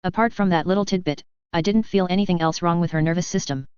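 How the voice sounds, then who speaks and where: A woman's voice: fairly low pitch, quick pace, a little mellow, smooth, no echo. A woman reading first-person fan fiction aloud in a casual, wry way, with dry asides. She speaks close to the mic, and the recording is slightly dull and lo-fi. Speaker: reader.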